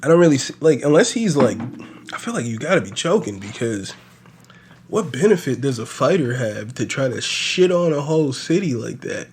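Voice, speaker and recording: A man hosting a podcast, recapping fights in a casual, animated and profane ramble full of fillers. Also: medium pitch, moderate pace, a little hiss or hum. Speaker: podcast host. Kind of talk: casual solo sports recap.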